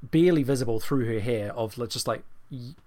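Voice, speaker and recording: A man's voice: medium pitch, fairly quick, mellow. A man narrating a tabletop game as game master, with frequent hesitations and fillers.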